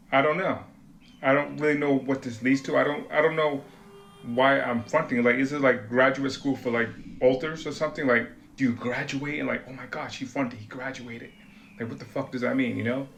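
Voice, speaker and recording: A man's voice: mid-range voice, creaky, a bit bright, slight background noise. A man from Rhode Island, rambling in a blunt, profane, confessional monologue to camera. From Rhode Island, USA. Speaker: vlogger.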